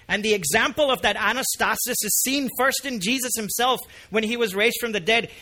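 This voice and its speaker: Bright, high-voiced male preacher. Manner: conversational preaching that rises to impassioned emphasis. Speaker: pastor. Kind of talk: sermon.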